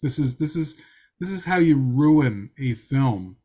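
A man's voice: mid-range voice, lively intonation, measured pace, mellow. A man co-hosting a podcast, giving wry, thoughtful film criticism in casual chat. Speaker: podcast co-host reviewing a film.

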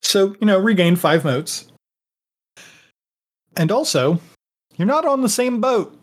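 Laid-back game master narrating. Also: male voice, high-pitched, sing-song, slow pace. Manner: rambling, casual, many fillers.

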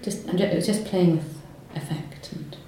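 A woman poet talking in an interview, hesitant with many pauses and restarts, then reading her own poems aloud. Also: on the low side, steady tone, warm tone. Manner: hesitant, lots of ums and restarts when talking. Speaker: poet guest. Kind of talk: conversational interview and poetry reading. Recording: roomy echo, faint noise.

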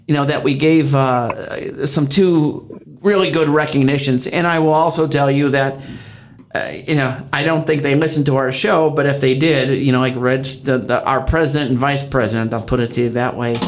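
A man's voice: mid-range voice, moderate pace, a little hiss or hum. An older man with a Midwestern American accent, co-hosting a casual chat and telling stories in a rambling way, full of restarts. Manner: rambling, many restarts, animated retelling. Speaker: podcast co-host, county council member.

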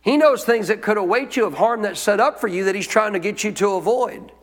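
A man's voice: high voice, brisk, in a large hall. A male pastor preaching a sermon in a conversational way, often asking the congregation questions.

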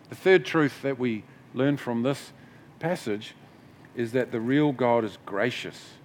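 A man's voice: medium pitch, a little hiss or hum. A middle-aged man preaching a sermon as pastor, in a conversational way with asides and restarts.

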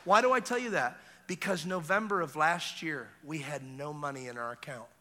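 A man preaching a revival sermon as an evangelist, telling stories and acting out voices, going from hushed to shouting. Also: fairly high pitch, a little fast. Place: large church hall. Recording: long hall reverb.

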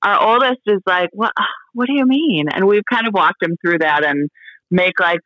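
A woman speaking as an interview guest, candid and halting, full of fillers and restarts, laughing now and then. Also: medium pitch, fairly bright tone, dry recording, muffled recording. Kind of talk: casual interview chat.

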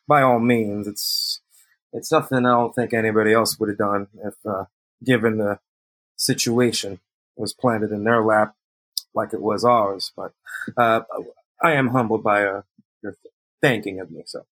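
A man playing in a tabletop game, talking in a hesitant, soft-spoken way with many fillers. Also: fairly low pitch, steady tone, normal speed, no room sound, low-quality recording. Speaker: player.

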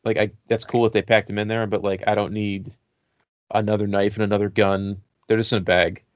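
A man with a fairly low voice talks in an easy, rambling way, full of filler words. The sound is dry and slightly muffled, with little room echo. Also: a little fast. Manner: relaxed, rambling with many "like" fillers. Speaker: podcast co-host. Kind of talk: casual chat about horror toys.

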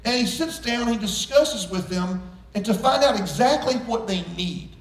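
A man with a very high voice preaching a sermon, emphatic and folksy, leaning on jokes and homespun stories. He is a pastor speaking to his church. The sound is roomy and echoing, and he is heard from some way off the mic. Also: expressive, moderate pace. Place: church sanctuary with congregation. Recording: roomy church echo, voice from far off.

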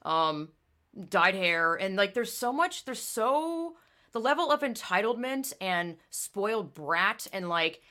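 A woman hosting a casual talk show, speaking fast and emphatically, swearing freely and acting out the people she quotes. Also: medium pitch, sing-song, bright, forceful tone. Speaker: podcast host. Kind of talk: casual chat.

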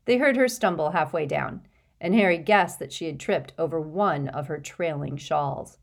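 A woman narrates a storybook aloud in a low voice. Her reading is even and clear, like a scripted audiobook. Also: moderate pace.

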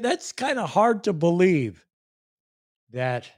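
A foul-mouthed man rants to his online viewers in open disbelief, cursing constantly and breaking into incredulous laughter. His voice sits high and leaps all over the place. He talks slowly and heavily. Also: sing-song. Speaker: streamer ranting to viewers. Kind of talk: profane political rant.

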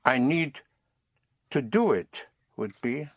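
A man's voice: medium pitch, sing-song, slow pace, breathy edge, dry recording. A man teaching a language lesson, patiently prompting and repeating phrases.

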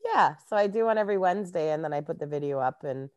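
A Canadian woman talks casually as a guest, chatty and quick to laugh. Her voice sits low, and the recording is dry and close with no room sound. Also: expressive, no echo, muffled recording. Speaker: guest, life coach. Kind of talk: casual interview chat.

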